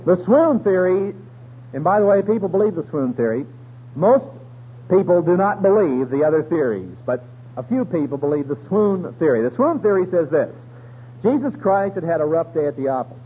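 Folksy high-voiced radio preacher. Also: male voice, big pitch swings, normal speed, husky. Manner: folksy, colloquial storytelling with slang. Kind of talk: radio sermon. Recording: tinny radio broadcast with faint hum.

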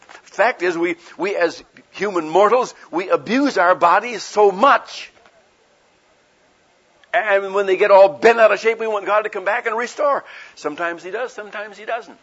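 A man's voice: high voice, normal speed, fairly bright tone, breathy edge. A man preaching a sermon in a folksy, conversational way, asking his listeners rhetorical questions and acting out the people he quotes. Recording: dull lo-fi recording.

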